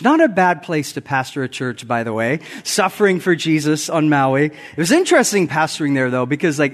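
A man in his forties, a guest pastor giving a conversational sermon with self-deprecating humor, often chuckling at his own stories. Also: medium pitch. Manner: acts out quotes with raised voice. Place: church sanctuary.

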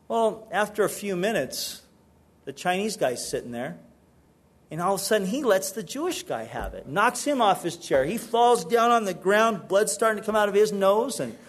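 Animated husky-voiced male pastor. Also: sits high, moderate pace. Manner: animated, conversational storytelling with repeated restarts. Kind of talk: sermon.

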